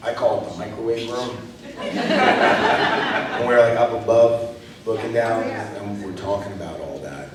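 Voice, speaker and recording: A man's voice: fairly low pitch, noisy background. A man, an actor, talking casually at a convention panel, telling stories in a rambling way full of fillers. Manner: rambling, filler-heavy storytelling. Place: large convention hall. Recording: echoey hall from far off.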